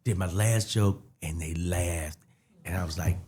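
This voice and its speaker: A man's voice: low voice, a little slow. A man, a comedian guest telling stories in casual podcast chat and acting out the other people's voices. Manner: animated storyteller acting out voices.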